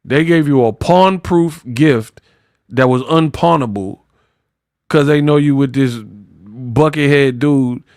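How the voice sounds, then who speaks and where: A man hosting casual boxing commentary, animated and mocking, slipping into high-pitched impressions. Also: takes it slowly, no echo, studio quality.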